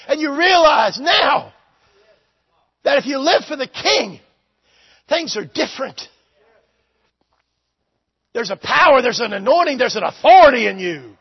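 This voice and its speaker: Shouting high-voiced revival preacher. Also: male voice. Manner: shouting fervently, then dropping to quiet storytelling. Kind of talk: revival sermon. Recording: dull lo-fi recording.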